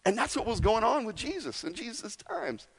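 This pastor's voice is extremely high and sing-song, with vocal fry, a moderate pace and crowd noise around him. He preaches in an easygoing, conversational manner, acting out asides, and the large church hall adds a long reverb.

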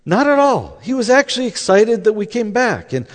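A man's voice: high voice, big pitch swings, normal speed. Man telling a story in a reverberant hall. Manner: conversational, acts out quoted dialogue. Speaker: speaker telling a faith story. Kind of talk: anecdotal storytelling talk.

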